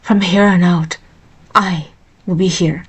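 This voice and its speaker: A woman voicing a devoted young male royal guard in a storybook reading, speaking softly and earnestly. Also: fairly low pitch, fairly even intonation, slow, breathy edge, heavily acted. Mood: tender.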